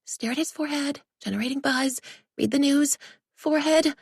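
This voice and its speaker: A woman's voice: high voice, moderate pace, no room sound, studio quality, pitched above the performer's own voice. A woman voicing an anxious young female personal assistant who speaks in a nervous, flustered way.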